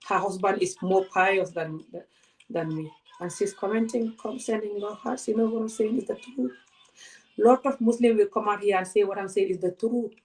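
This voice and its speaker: Speaking directly into her camera, a woman vlogger delivers a passionate, confrontational rant full of rhetorical questions. Her pitch is in the ordinary middle range for a woman, her speed is normal, and her tone is darkish.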